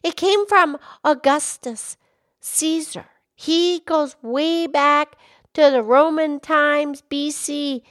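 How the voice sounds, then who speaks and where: A woman voicing a cheerful, excitable young pig who hosts a children's podcast, talking with eager bursts of excitement. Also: high-pitched, takes it slowly. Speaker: podcast host.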